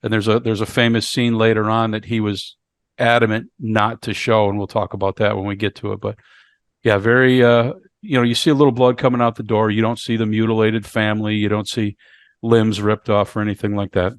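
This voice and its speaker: A man's voice: on the low side, little pitch movement, no echo, clean studio sound. A man co-hosting a podcast, casually recapping a horror movie and often repeating words as he goes. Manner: halting, repeats words while recapping the plot. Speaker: podcast co-host. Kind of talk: casual movie review chat.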